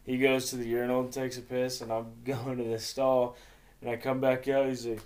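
A man's voice: medium pitch, level tone, a little fast, darkish tone. A man chatting casually on a podcast with friends, telling a story in an easygoing way and laughing along. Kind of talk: casual crude chat among friends.

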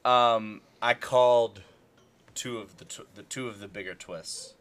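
A man's voice: medium pitch, steady tone, a little slow, a bit bright. Rambling young man in casual chat. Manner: rambling, many fillers and restarts.

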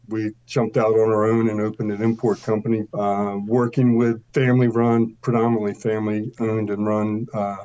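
A man in his sixties, a podcast guest, telling long stories in a relaxed interview and pausing often on uh. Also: fairly low pitch, highs cut off. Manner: long storytelling answers, frequent uh fillers. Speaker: guest, wine importer. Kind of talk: casual interview talk.

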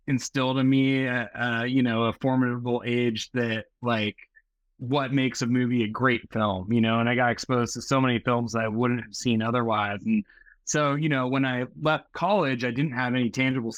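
A man's voice: medium pitch, no echo. A man in his forties from Seattle, talking casually and at length as a filmmaker guest in an interview, with many fillers. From Seattle, USA. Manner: rambling, filler-heavy, relaxed. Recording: muffled lo-fi audio.

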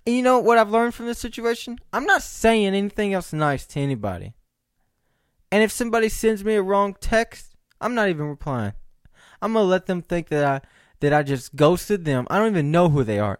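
Young male podcast host, lively rambling comic storyteller, slightly higher voice, dry close sound. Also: dry recording. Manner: rambling storyteller with joking asides to listeners. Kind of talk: casual comedic podcast monologue.

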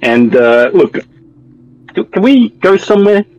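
A man's voice: sits high, big pitch swings, slow, darkish tone, dull audio. Stammering slangy man. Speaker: player. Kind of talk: tabletop role-play in character.

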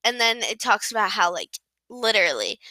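A woman hosting a podcast, recapping a novel in a casual, rambling way. She is giggly, self-deprecating and quick to apologize. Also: medium pitch, sing-song, bright, forceful tone, no echo.

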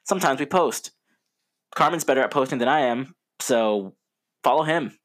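A man's voice: medium pitch, animated, normal speed, a bit bright. A young man co-hosting a podcast in casual chat, rambling and joking with frequent laughs. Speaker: podcast co-host.

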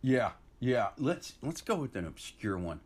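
A man's voice: mid-range voice, big pitch swings, measured pace, slightly rough. A man with a Midwestern US accent co-hosting a podcast while hungover, joking crudely and swearing freely. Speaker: podcast co-host. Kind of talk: casual podcast banter. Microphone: earbud in.

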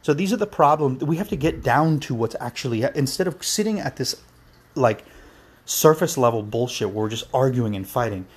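Husky guy going off on a heated sweary rant, mid pitch. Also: expressive, a little fast. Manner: heated, profane ranting. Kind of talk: impassioned monologue.

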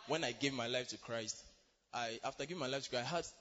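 A young man from Ghana giving a polite, halting church testimony in a large church hall. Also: mid-range voice, a bit bright. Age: young adult. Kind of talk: spoken testimony. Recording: reverberant hall, dull sound.

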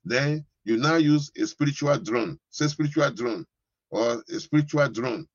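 A man's voice: medium pitch, fairly quick, no room sound, lo-fi sound. A man preaching a sermon as pastor, giving commands to the congregation and breaking into speaking in tongues.

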